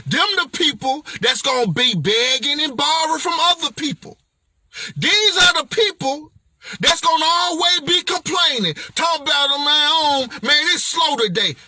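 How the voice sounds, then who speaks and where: A man's voice: very high-pitched, normal speed, sharp tone, no room sound. A man giving an emphatic, slangy motivational vlog talk as a speaker and author, playful and preachy.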